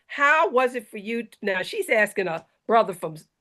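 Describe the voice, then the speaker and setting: A woman from South Carolina moderating a video-call discussion, brisk and organizing, with joking asides. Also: on the high side, very animated, bright, forceful tone. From South Carolina, USA. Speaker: host and moderator.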